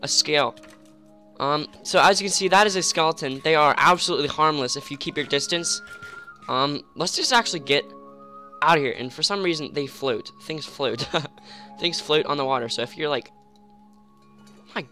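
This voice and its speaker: An excitable young man narrates his gameplay at home, rambling between fillers and sudden startled outbursts. His voice sits a touch high and sounds bright and forceful. Faint music plays in the background. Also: normal speed, pauses often. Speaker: gamer. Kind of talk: casual game commentary. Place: home room.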